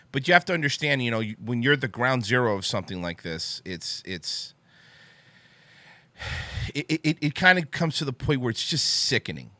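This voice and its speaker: A man's voice: mid-range voice, pushed and bright, no echo. A man hosting a talk show, ranting angrily with heavy swearing and then apologizing. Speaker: podcast host.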